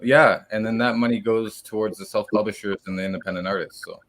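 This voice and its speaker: A middle-aged man from Canada with a fairly low voice, hosting a live stream. He chats in a relaxed, rambling way, filling the gaps with ums and uhs. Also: fast talker, dry recording. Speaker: stream host. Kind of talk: casual live-stream chat.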